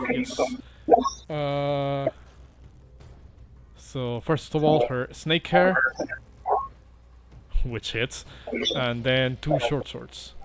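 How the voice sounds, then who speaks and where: A man running a tabletop game as game master, narrating with frequent hesitations. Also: medium pitch. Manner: halting, many "uh" fillers.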